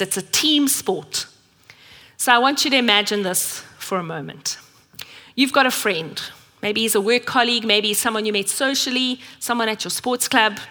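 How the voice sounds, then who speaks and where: A woman's voice: fairly high pitch, pushed and bright. A South African woman preaching a sermon in a church, telling stories earnestly and acting out the voices she quotes. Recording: echoey church hall.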